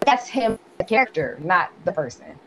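A woman's voice: lowish voice, big pitch swings, normal speed, background noise. A woman co-hosting a film-review podcast in casual chat, blunt and profane, retelling scenes with playful mimicry.

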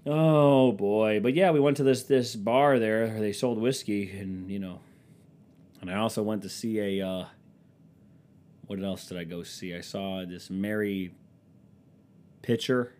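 A young man chatting casually and comically as a podcast host, rambling and swearing, with quick dips into silly voices. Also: fairly low pitch, steady tone, a little mellow. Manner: rambling, profane, slips into silly quoted voices. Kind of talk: casual comedic chat.

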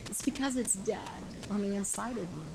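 A woman preaching a sermon with passion, repeating phrases and shouting the climactic lines. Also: medium pitch, brisk, vocal fry, background noise.

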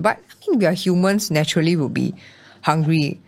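A young Singaporean woman speaking in a fairly low voice. She tells her own story openly as a podcast guest, with a Singaporean accent. Her delivery is lively, and she acts out her own thoughts in quotes. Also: brisk. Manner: animated storytelling with acted-out quotes. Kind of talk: candid personal interview.

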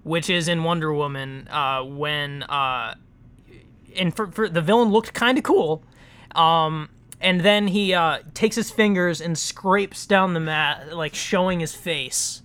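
A man's voice: a little high, takes it slowly, fairly bright tone, clear, resonant tone. A man co-hosting a casual podcast chat, hesitant, often restarting his sentences, with fillers and easy laughter. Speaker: podcast co-host.

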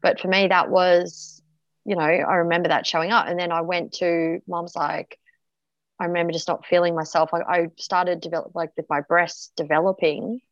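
A woman's voice: fairly low pitch, little pitch movement, moderate pace, dry recording, highs cut off. A woman guest telling a personal story frankly, swearing freely and full of fillers and restarts. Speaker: podcast guest.

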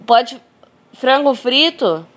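A hoarse woman with a Brazilian Portuguese accent, a native Portuguese speaker, chatting casually to her viewers and searching for words in English. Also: sits high, animated, takes it slowly, fairly bright tone. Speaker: vlogger.

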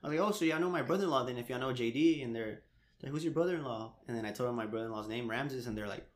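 Animated young man in an echoey room. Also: medium pitch, racing. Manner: animated storyteller, laughs often, swears casually. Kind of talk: casual chat.

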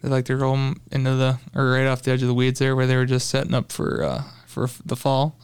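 A young man tells a fishing story in casual talk, his voice smooth and clear. He gets animated as he retells it and is full of fillers and restarts. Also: mid-range voice, fairly quick. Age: young adult. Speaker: podcast guest, tournament angler.

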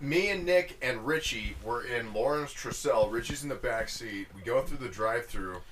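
Mid-pitched male podcaster, rambling profane storyteller, loud group crosstalk. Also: normal speed, a crowd in the background. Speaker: podcast co-host. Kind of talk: casual chat among friends.

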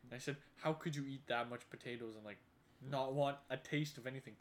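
A man's voice: mid-range voice, fairly quick, slight background noise. A young man co-hosting a podcast, telling rambling, joking stories in casual banter. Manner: rambling, joking, animated storytelling. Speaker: podcast co-host. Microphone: studio podcast mics.

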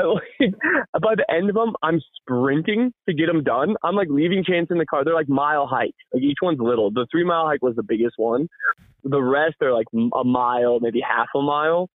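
A man chatting on a podcast, spinning a loose, excited story and laughing as he goes. His voice sits a little high and comes through tinny and narrow, like a phone line, with no room echo at all. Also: normal speed. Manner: rambling, animated storytelling with frequent laughs. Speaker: podcast co-host. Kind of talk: casual podcast chat.

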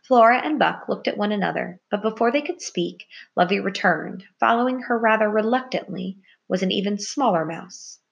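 A woman reading a children's story aloud in a steady, even narration. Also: medium pitch, normal speed, vocal fry, few pauses, dull audio. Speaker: audiobook narrator.

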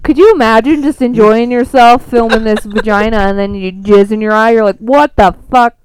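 A woman co-hosting a casual radio chat, brash and swearing, telling quick stories. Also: fairly high pitch, clear, resonant tone, low-quality recording. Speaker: radio show co-host.

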